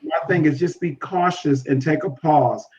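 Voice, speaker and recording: A man's voice: on the high side, normal speed, lo-fi sound, a crowd in the background. A man speaking earnestly as a podcast guest, repeating phrases for emphasis and acting out conversations.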